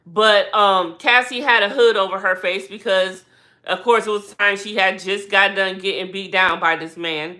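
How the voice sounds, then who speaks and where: A woman vlogger giving a casual, animated recap with slangy talk and lots of rhetorical asides. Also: medium pitch.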